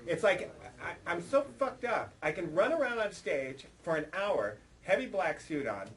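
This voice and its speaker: A man's voice: high-pitched, big pitch swings, normal speed, fairly bright tone, a little hiss or hum, rough recording. A man, a punk band singer, telling a rowdy, profane story in an interview and acting out the voices in it. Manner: profane, rowdy storyteller who acts out quotes. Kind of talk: animated anecdote telling. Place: record label office.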